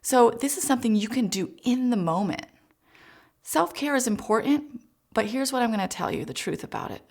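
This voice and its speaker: A woman child psychologist giving a gentle, encouraging parenting talk, speaking directly to parents. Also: fairly high pitch, expressive, normal speed.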